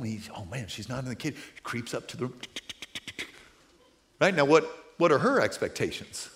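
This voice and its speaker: Lively, animated male preacher. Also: medium pitch. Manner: conversational preaching that swells to forceful emphasis. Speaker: pastor. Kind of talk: sermon.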